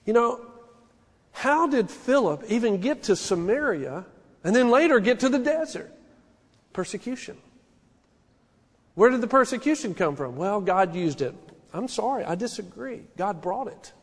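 A male pastor preaching with a high, ringing voice that carries through a church sanctuary with a long echo. He moves from hushed, earnest stretches to loud, fervent peaks, pressing his points home to the congregation. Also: sing-song, moderate pace, long pauses, husky. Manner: impassioned, rising and falling preaching delivery. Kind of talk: sermon.

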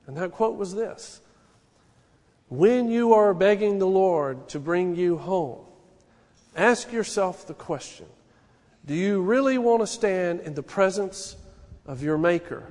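A male pastor preaching with a high, ringing voice that carries through a church sanctuary with a long echo. He moves from hushed, earnest stretches to loud, fervent peaks, pressing his points home to the congregation. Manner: impassioned, rising and falling preaching delivery. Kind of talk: sermon.

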